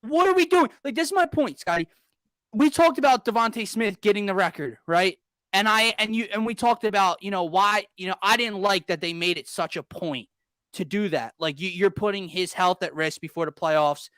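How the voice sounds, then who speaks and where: A man's voice: sits high, moderate pace, fairly bright tone, no echo. A young man hosting a casual sports talk show, ranting in exasperation with sarcastic jabs. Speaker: podcast host.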